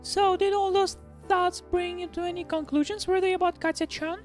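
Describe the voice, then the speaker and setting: A man voicing a gentle young woman, the narrator's girlfriend, in a soft falsetto. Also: level tone, normal speed, faint music behind. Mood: curious.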